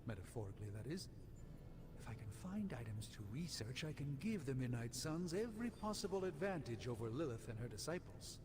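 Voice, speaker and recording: An actor playing a proud, fussy middle-aged sorcerer who speaks in formal, grandiose wording. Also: male voice, mid-range voice, very animated, brisk, background noise, natural voice. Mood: earnest.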